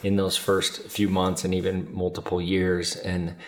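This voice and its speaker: A man with a very deep voice co-hosts a podcast. He speaks earnestly and at a measured pace, sometimes repeating words as he gathers his thoughts. He sounds like a father in his thirties reflecting on family. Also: monotone. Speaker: podcast co-host, adoptive father. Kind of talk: reflective conversation.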